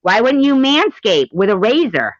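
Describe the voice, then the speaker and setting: A woman's voice: a little high, very animated, normal speed, no room sound, dull audio. A woman hosting a casual live-stream chat, crude and teasing, laughing at her own jokes, a little stoned.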